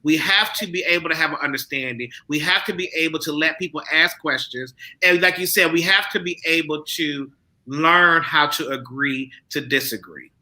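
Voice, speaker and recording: A man with a high, very bright, piercing voice talks animatedly on a discussion panel. He keeps the tone conversational and circles back over his points. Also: moderate pace, poor audio. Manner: animated, conversational, repeats himself.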